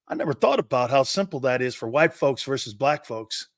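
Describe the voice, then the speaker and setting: A middle-aged man hosting a sports talk show, a brash, loud storyteller who acts out the quotes. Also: medium pitch, animated, a little fast, few pauses, no echo, clean studio sound.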